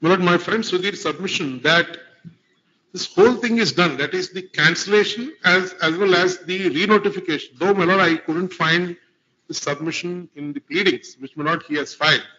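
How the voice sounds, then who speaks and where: A man's voice: sits high, normal speed, bright, forceful tone. A man arguing formally before a court as an advocate, deferential and constantly addressing the bench. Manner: formal, deferential, repeats "my lord" often. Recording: dull lo-fi courtroom recording.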